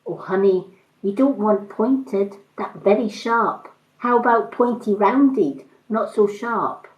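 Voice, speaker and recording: A woman's voice: mid-range voice, fairly even intonation, moderate pace, dark tone, natural voice. A woman voicing a pushy, chatty female nail technician who talks in clipped, broken phrases. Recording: roomy, slightly dull sound.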